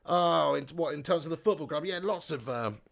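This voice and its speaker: A man hosting a live football watch-along, reading out chat comments and shouting at the big chances. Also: a little high, a little fast, creaky.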